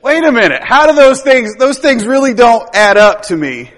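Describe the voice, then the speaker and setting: A man's voice: extremely high pitch, lively intonation, moderate pace, a bit bright. A man preaching a sermon in a conversational, rambling way, tossing in tag questions and chuckles. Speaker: pastor. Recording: long hall reverb.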